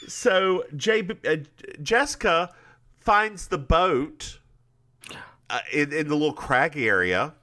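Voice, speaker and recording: A man co-hosts a casual podcast recap, his voice bright and forward. He tells the story animatedly, with pitch swinging widely as he slips into characters' lines. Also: expressive, takes it slowly. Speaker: podcast co-host.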